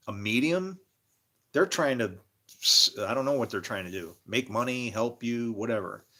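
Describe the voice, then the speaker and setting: A man giving a rambling spiritual monologue, an animated storyteller. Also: on the low side. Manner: animated storyteller, acts out quoted voices.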